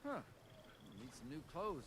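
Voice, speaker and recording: A man's voice: fairly high pitch, huge pitch swings, a little slow, noisy background. An actor playing a weary, grumbling male settler in a wasteland video game, heard as game audio. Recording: game audio under loud ambience.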